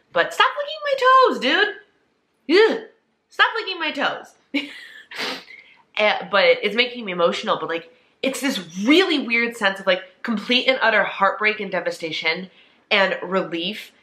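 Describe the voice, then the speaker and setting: A woman in her early thirties talks straight to her viewers in a casual vlog. Her voice is bright and forceful yet sits a little low. She sounds earnest and heartfelt as she shares what is going on. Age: 30s. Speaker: vlogger. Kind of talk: casual chat.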